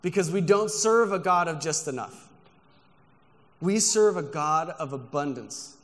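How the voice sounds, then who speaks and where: Brief: male preacher, slightly higher voice, emphatic and earnest, long church-hall reverb. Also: lively intonation, a little slow, fairly bright tone. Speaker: guest pastor. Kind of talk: sermon. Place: church sanctuary.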